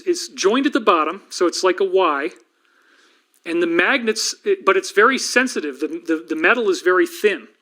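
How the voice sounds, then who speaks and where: A middle-aged man hosting a livestream, lecturing rapidly and rambling with frequent restarts. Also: high-pitched, bright, forceful tone. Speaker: livestream host and researcher. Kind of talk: fast-paced lecture livestream.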